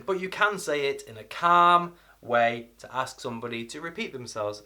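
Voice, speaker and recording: A middle-aged British man with a British English accent, teaching an energetic English video lesson and acting out examples with shifting intonation. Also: mid-range voice, normal speed, hardly any pauses. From Britain. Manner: lively, acts out examples with changing intonation.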